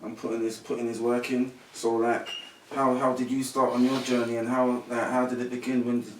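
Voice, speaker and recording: A man hosting a podcast, giving quiet backchannels and asking loose, rambling questions. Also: medium pitch, level tone, a little fast. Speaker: podcast host. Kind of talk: casual interview chat. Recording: roomy, distant mic, faint noise.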